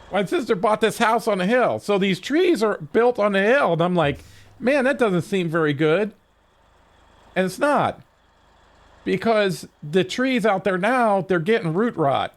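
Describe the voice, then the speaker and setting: A man's voice: high-pitched, animated, measured pace. A man streaming a game, telling a rambling story with frequent swearing and restarts, at his desk mic. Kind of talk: casual stream chat.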